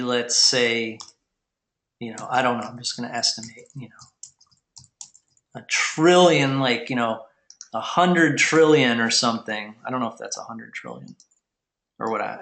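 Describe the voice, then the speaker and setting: A man's voice: mid-range voice, fairly bright tone. Rambling man teaching in an echoey room. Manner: rambling, frequent fillers and restarts. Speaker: webinar host teaching domain investing. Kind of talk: casual live webinar teaching.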